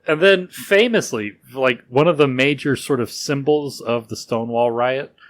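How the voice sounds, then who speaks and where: A man's voice: medium pitch, moderate pace. A man co-hosting a podcast, telling a history story in a casual way, laughing often and using loose fillers. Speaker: podcast co-host.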